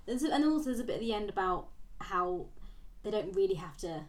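A woman's voice: medium pitch, animated, a little fast. A woman co-hosts a casual book podcast, recapping the plot in a chatty, meandering way full of fillers. Her voice sits in an ordinary middle range. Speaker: podcast co-host.

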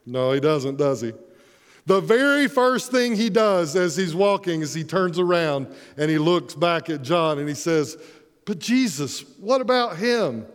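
A man's voice: fairly high pitch, animated, measured pace, smooth, big-room sound. A man preaching a sermon as pastor, earnest and emphatic, posing rhetorical questions.

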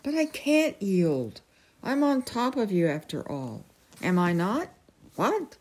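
A woman's voice: mid-range voice, very animated, slow, a little mellow, voice pushed up. A woman voicing a bumbling, whiny king in a storybook reading, petulant and plaintive. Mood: pleading. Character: bumbling, whiny middle-aged king, a knight.

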